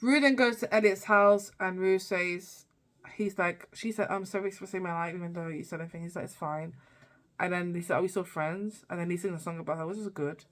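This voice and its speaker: A woman's voice: fairly low pitch, fairly even intonation, fairly quick. A young woman vlogger recapping a TV season in a rambling, casual way, with many fillers and restarts. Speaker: TV review vlogger.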